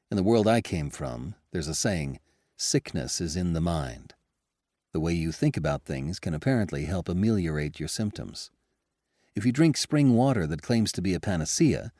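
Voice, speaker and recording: Expressive male narrator, animated delivery, dry close-miked read. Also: low-pitched, moderate pace, no room sound. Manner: lively, expressive first-person storytelling. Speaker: audiobook narrator. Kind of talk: scripted audiobook narration.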